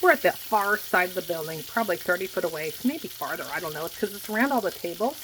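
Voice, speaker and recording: A woman in her forties venting in a casual monologue, blunt and quick to swear, repeating herself for emphasis. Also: fairly low pitch, lively intonation. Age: 40s. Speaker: vlogger. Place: home kitchen while food cooks. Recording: faint frying noise behind. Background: food sizzling in a pan.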